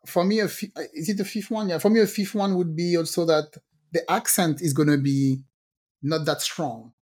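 A woman's voice: on the low side, moderate pace. A woman in her fifties with a French accent, co-hosting a casual podcast chat and laughing often. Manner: animated, laughs often, acts out quotes. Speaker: podcast co-host.

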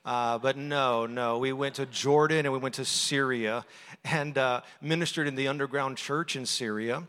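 A man's voice: mid-range voice, steady tone, normal speed, a bit bright. A middle-aged man from Texas, preaching as a guest speaker in a conversational, storytelling way and laughing often. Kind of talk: sermon. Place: church sanctuary. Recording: long hall reverb.

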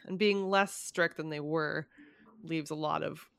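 A woman's voice: sits low, fairly even intonation, measured pace, gravelly, fairly bright tone, clean tone, no echo. A young woman in a casual conversation about current events, hesitant with many ums and small laughs.

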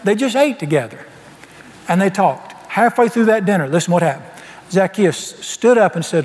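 A man's voice: high voice, animated, moderate pace, darkish tone, in a large hall. A man preaching a sermon, telling his story in a folksy way and acting out the dialogue.

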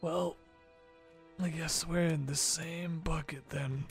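A man voicing a weary, hopeless male prisoner who talks in a hushed, half-whispered, resigned way. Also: on the high side, fairly even intonation, takes it slowly, creaky, soft background music, voice pushed up. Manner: resigned and bleak.

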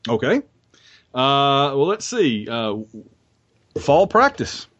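A man's voice: mid-range voice, big pitch swings, takes it slowly, fairly bright tone, highs cut off. A man hosting a podcast and chatting casually about college football in a rambling, restarting way. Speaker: podcast host. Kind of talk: casual sports chat.

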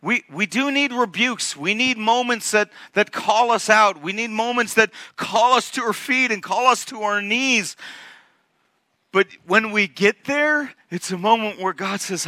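A man preaching a sermon who speaks emphatically and swings from hushed whispers to near-shouts. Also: high-pitched, a little slow, no echo. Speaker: pastor.

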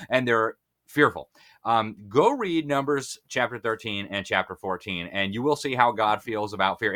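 A man giving impassioned interview commentary with the force of a preacher. His voice is bright and sharp, and he presses hard on his points. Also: mid-range voice. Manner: fervent, preacher-like emphasis. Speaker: guest.

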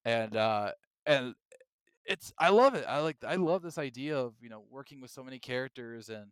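A man co-hosting a gaming podcast in casual chat, excitable and animated, often acting out his own reactions. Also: mid-range voice, moderate pace, clean tone, dry recording. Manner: excitable, acts out reactions in quoted voices. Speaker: podcast co-host.

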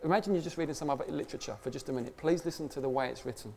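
Preacher, male, fairly high voice, punchy rhetorical delivery, long hall reverb. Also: animated, racing, gravelly, hardly any pauses, darkish tone. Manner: emphatic, full of rhetorical questions. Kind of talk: conversational sermon.

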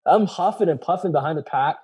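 A man's voice: fairly high pitch, fast talker, husky. A man telling a personal story in casual talk, acting out quoted dialogue with lots of fillers. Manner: animated, acts out quoted dialogue; many fillers and repeated "I was like". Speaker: guest telling his story.

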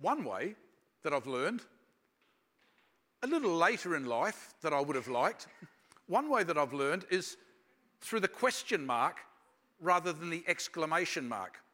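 A man preaching a sermon, telling personal stories in a reflective manner and slowing down for emphasis. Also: a little high, sing-song, bright, forceful tone. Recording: long reverb of a large hall.

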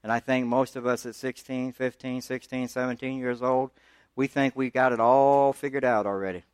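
A man preaching a sermon as pastor, talking through scripture in a conversational way and pushing his voice higher when he presses a point. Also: steady tone, moderate pace, clean tone, no room sound. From United States.

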